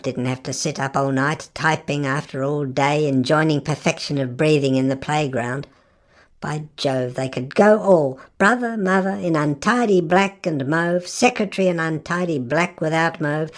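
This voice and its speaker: Low-voiced woman reading a novel aloud. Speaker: audiobook narrator. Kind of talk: literary audiobook narration.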